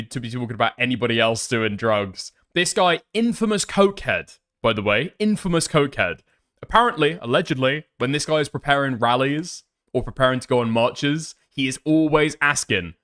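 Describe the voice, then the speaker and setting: A man comments on clips in a loose, mocking tone at an ordinary mid pitch. He swears freely, laughs often, and piles on sarcasm as he reacts. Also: lively intonation, brisk, a bit bright. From United Kingdom. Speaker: commentary streamer.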